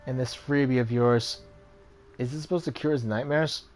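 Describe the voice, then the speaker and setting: A man's voice: medium pitch, fairly even intonation, moderate pace, a little mellow, lightly acted. A blunt, pushy male mercenary hero from a video game, as a man reads his lines aloud. He talks straight to the point and presses for what he wants.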